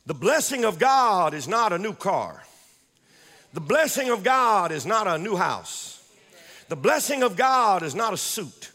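A man's voice: sits high, very animated, measured pace, bright, forceful tone, in a large hall. A man preaching a fervent sermon as pastor, repeating phrases and calling on the congregation to respond. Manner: fervent, repetitive, call-and-response.

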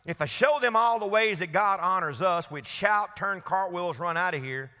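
A pastor delivers a Wednesday sermon in a high, bright, forceful voice, calling on the congregation to answer him back. He keeps a moderate pace with a clean tone, and the church hall's long reverb trails every phrase.

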